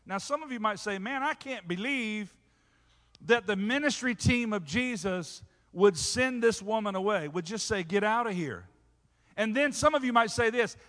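A man preaching a sermon as pastor, peppering it with call-and-response asides and rising to loud shouts. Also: sits high. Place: church sanctuary. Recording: hall reverb.

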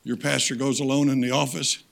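A man preaching a sermon as a guest speaker, telling stories and slipping into loud character voices. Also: medium pitch, little pitch movement, a little fast, vocal fry. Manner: storytelling preacher, swings into loud acted voices.

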